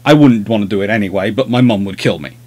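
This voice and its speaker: A man's voice: on the low side, fast talker, a little mellow. A man talking off the cuff on his own livestream. He wanders from story to story with dry, self-deprecating humour, keeping it loose and conversational. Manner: chatty, rambling anecdotes, self-deprecating humour. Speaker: host of a naval history livestream. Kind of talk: casual livestream chat.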